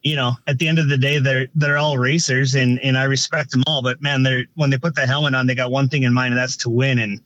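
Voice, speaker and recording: A man's voice: mid-range voice, level tone, quick pace, hardly any pauses, a bit bright, no room sound. A man who directs races, talking casually on a podcast, rambling with frequent restarts and filler phrases. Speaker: race director.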